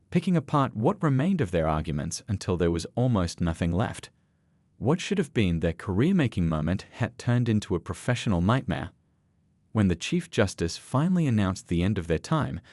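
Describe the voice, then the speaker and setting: A male narrator telling a dramatic story in a steady, scripted read. His voice is low and lively in pitch, recorded dry and close. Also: dry recording.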